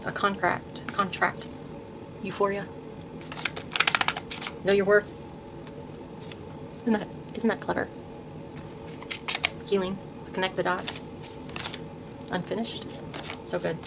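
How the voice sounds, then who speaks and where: An older woman hosting her own video, softly showing tarot decks and reading card names aloud, often trailing off and restarting words. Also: medium pitch, level tone, slow pace, pauses often, heavy background noise. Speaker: host showing her tarot deck collection. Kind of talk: soft-spoken casual deck walkthrough.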